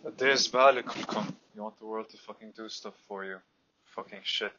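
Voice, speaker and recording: A man's voice: on the low side, fairly even intonation, fairly quick, lo-fi sound. A man on a heated personal rant, blunt, fired up and swearing freely.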